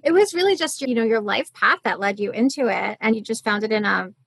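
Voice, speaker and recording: A woman hosts the interview with eager enthusiasm and often restarts her questions mid-sentence. Her voice is fairly high for a woman. The sound is dry and close, with no echo. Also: lively intonation, brisk, creaky, a bit bright, husky. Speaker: podcast host. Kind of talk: casual interview chat.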